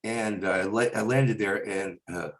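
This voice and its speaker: A male stand-up comedian chatting in an interview, rambling through stories and slipping into quick voices. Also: lowish voice, fairly even intonation. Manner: rambling, slips into voices and impressions mid-story. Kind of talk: casual interview chat with quick impressions.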